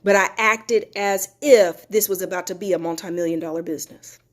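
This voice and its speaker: A woman's voice: lowish voice, fairly even intonation, fairly quick. A woman giving an emphatic, preachy motivational talk to her viewers, repeating her phrases for effect. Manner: reads viewer comments aloud. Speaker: motivational host.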